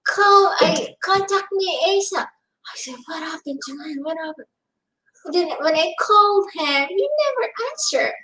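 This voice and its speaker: A woman's voice: very high-pitched, lively intonation, a little slow, bright, forceful tone, roomy sound, rough recording. A woman with a thick non-native accent, chatting casually and giggling between words. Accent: non-native English. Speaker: co-host, spouse. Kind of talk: casual chat.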